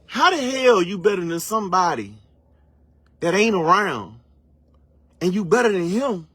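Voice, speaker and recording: An online commentator with a high, expressive voice delivers a casual, profane motivational rant, stretching words for emphasis in a preachy way. His tone is fairly bright with a breathy edge, and the recording has no echo. He leans heavily on slang and rhetorical questions.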